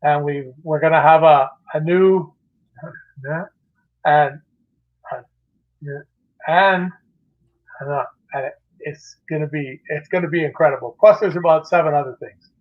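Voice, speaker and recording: A man with a fairly high voice tells a story in a lively, casual way, often stumbling and restarting his sentences. The sound is muffled and lo-fi, like live-stream audio. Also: unhurried, long pauses. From Canada. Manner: animated anecdote teller, many restarts. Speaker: guest, magazine publisher.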